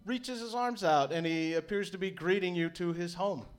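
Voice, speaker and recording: A man's voice: high voice, moderate pace, clear, resonant tone. A man narrating a tabletop game as game master, casual with lots of "uh" fillers.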